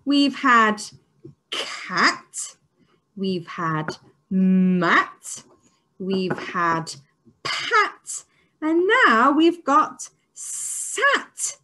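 A woman teacher leading an online phonics lesson for young children, sounding out letters slowly and praising with excitement. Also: medium pitch. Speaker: early years teacher.

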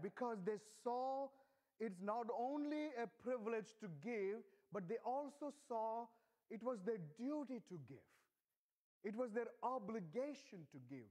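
Man, middle-aged, sermon, high-pitched, earnest and emphatic, slow deliberate phrasing. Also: a little mellow. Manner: earnest, emphatic, stresses key words with rising pitch. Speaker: preacher. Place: church.

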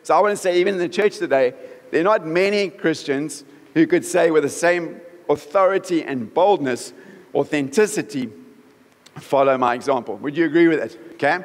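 A man's voice: on the high side, moderate pace. Man preaching in a reverberant hall. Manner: conversational, checks in often with the congregation. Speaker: pastor. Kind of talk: sermon. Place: church hall.

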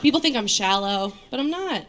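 A woman in her thirties from New York doing a stand-up set on stage, with a deadpan, self-mocking delivery full of fillers. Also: on the high side, fairly quick, a little hiss or hum. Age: 30s. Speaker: stand-up comedian. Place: comedy stage before a live audience. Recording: live show with crowd laughter. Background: audience laughter.

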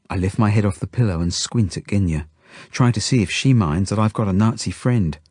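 Low, husky male audiobook narrator. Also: fairly quick, a little mellow, no room sound, studio quality. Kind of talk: first-person storybook narration.

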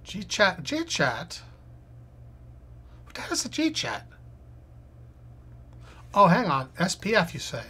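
Husky, low woman streamer; unhurried, reads clues out and mutters answers to herself. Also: wildly swooping pitch, pushed and bright. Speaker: live streamer. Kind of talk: thinking aloud while solving a crossword.

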